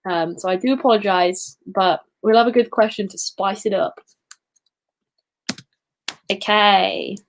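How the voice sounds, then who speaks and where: A woman's voice: mid-range voice, a little slow, long pauses. A young woman hosting a casual livestream quiz, chatty and giggly with self-deprecating asides. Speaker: quiz host.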